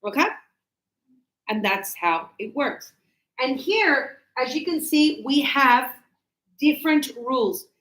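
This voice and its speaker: A woman English teacher giving a classroom grammar lesson, talking slowly and deliberately and stretching out key words. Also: high voice, expressive, fairly bright tone. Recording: echoey classroom.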